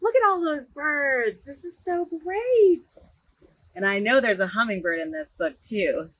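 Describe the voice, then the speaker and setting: An enthusiastic woman reads a picture book aloud to young children and speaks to them directly in a sing-song storytime voice. Her voice sits high and jumps all over the place. She reads at an easy, unhurried pace, and the sound is close and dry. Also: expressive, dry recording, rough recording. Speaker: children's librarian. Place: outdoors in a garden.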